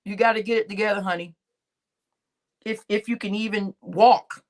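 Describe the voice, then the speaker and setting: A woman's voice: mid-range voice, steady tone, normal speed. A woman hosting a live stream, talking in a blunt, slangy, profane way, scolding people and laughing between remarks. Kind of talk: casual live stream rant.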